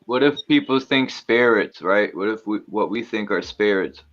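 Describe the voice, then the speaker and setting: Brief: man, lowish voice, speculative questions, dull lo-fi sound. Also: normal speed, fairly bright tone. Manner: wondering, asks speculative questions. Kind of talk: casual chat.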